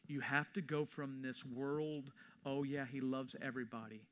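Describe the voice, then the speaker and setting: Bright-voiced pastor preaching. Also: male voice, mid-range voice, level tone, normal speed, a little hiss or hum. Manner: conversational storytelling, rising to emphatic preaching. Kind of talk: sermon. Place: church sanctuary.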